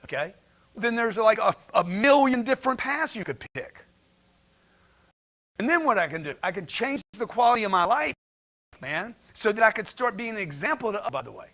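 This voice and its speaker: A man's voice: high voice, very animated, moderate pace, sharp tone. A man giving a blunt, slangy motivational talk to a livestream chat, firing rhetorical questions at his audience. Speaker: motivational speaker.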